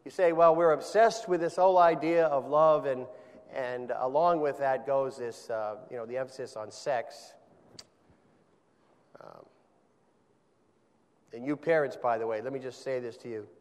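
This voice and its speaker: A man preaching a sermon, emphatic, often rising to forceful peaks, with quiet stretches in between. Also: mid-range voice, steady tone, unhurried, long pauses, clean tone, in a large hall. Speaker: pastor.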